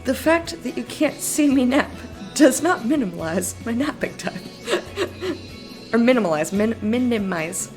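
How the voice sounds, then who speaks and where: A woman's voice: a little high, animated, unhurried, a little mellow, soft background music. A tired woman chatting casually on a live stream, rambling, laughing often and answering her chat. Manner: giggly, rambling, reads chat aloud. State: sleepy.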